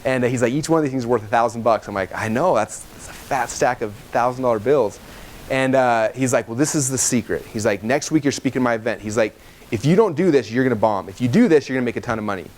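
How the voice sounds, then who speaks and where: Fast-talking man telling stories. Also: medium pitch. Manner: fast and animated, full of "like" and self-quoting. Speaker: speaker at a marketing training. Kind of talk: casual storytelling talk to a live audience.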